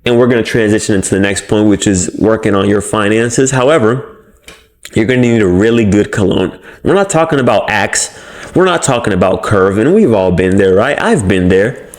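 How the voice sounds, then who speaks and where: A man's voice: fairly low pitch, expressive, normal speed. A young man giving blunt, casual motivational advice as a self-improvement host, swearing freely and coaching his viewers. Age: young adult.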